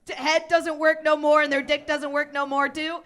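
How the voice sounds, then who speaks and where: A woman's voice: sits high, moderate pace. A young woman doing a rambling, giggly stand-up set on a small club stage. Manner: rambling, giggly, deadpan-absurd. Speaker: stand-up comic. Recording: live club crowd audible. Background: audience laughter.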